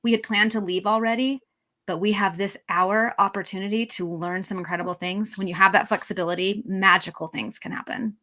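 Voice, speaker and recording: A woman's voice: mid-range voice, fairly even intonation, a little fast, bright, forceful tone. A woman co-hosting a podcast, telling a travel story in an enthusiastic, reflective way. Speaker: podcast co-host. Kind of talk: casual storytelling.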